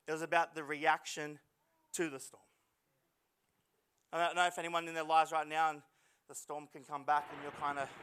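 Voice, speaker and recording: A male pastor preaching a lively, dramatic sermon to a church congregation, with jokey asides and voices he acts out. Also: a little high, smooth. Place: church service hall.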